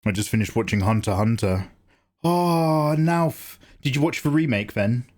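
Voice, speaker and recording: A man's voice: mid-range voice, expressive, normal speed, darkish tone. A man chatting loosely on a drawing livestream, swearing, joking and greeting chat by name. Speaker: streamer and artist.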